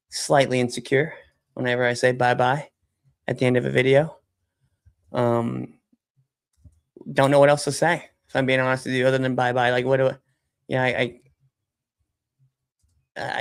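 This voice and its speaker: A gravelly, mid-range voice belongs to a software company founder hosting a laid-back livestream. Working at his computer desk, he chats, rambles with frequent fillers, and swears casually.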